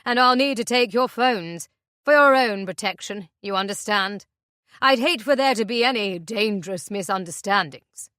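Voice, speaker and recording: A woman's voice: mid-range voice, moderate pace, dry recording, clean studio sound, close to an everyday voice. A woman reading an audiobook, voicing a menacing middle-aged man who mocks and threatens his captives. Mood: sinister. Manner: sinister, mocking, shouting.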